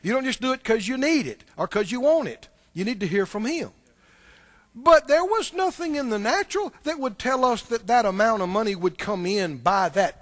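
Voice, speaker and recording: A man's voice: high voice, fairly bright tone. A male preacher giving a sermon, animatedly quizzing the congregation in a church.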